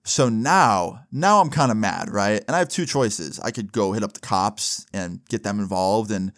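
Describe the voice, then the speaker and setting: A man's voice: lowish voice, animated, normal speed, no echo, clean studio sound. A young man telling a story casually, with heavy slang and filler words. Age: young adult. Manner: casual, slangy, lots of "bro" and "like". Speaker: vlogger.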